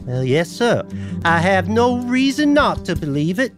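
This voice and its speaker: Earnest Southern woman witness, played by a man in a radio-style reenactment, high and drawling. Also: very animated, measured pace, music in the background.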